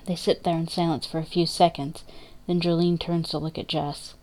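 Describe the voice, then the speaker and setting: A woman reading dramatic fiction aloud in a measured, emotive narration. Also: deep voice, flat delivery, darkish tone. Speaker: story reader.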